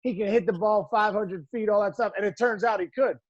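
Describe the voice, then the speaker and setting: A man in his forties, a former pro ballplayer, chatting as a podcast guest and telling animated, laughing stories with quoted lines. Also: sits high, a little fast, no echo, highs cut off. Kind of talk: casual storytelling chat.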